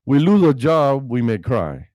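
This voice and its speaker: Impassioned imam preaching a sermon. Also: male voice, medium pitch, very animated, a little slow, darkish tone, no echo. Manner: impassioned preaching with rhetorical questions. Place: Islamic center prayer hall. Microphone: speaking into a microphone.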